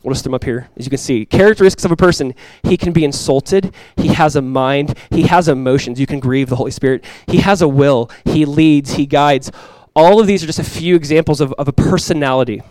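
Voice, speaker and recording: A man in his thirties delivers a sermon in a relaxed, conversational way, tossing in quick asides as he goes. His voice sits a bit higher than most men's, and it comes across dry and close, with no room sound around it. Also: dry recording. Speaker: pastor.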